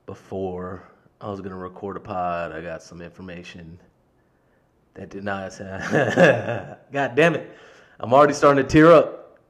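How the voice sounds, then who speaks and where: A man hosting his own podcast, telling stories in a candid, profane, rambling way. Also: fairly low pitch. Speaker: podcast host. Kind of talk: casual solo podcast storytelling.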